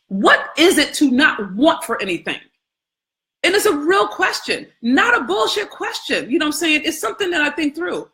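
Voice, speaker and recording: A woman's voice: high-pitched, sing-song, moderate pace, fairly bright tone. A woman hosting a casual scripture contemplation, talking conversationally with frequent questions, profanity and laughter. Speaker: host.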